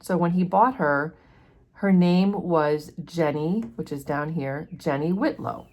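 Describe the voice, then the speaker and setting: A woman's voice: low-pitched, slow pace, darkish tone. A woman hosting a casual book discussion, explaining a chapter in a chatty way with many fillers. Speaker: book study host.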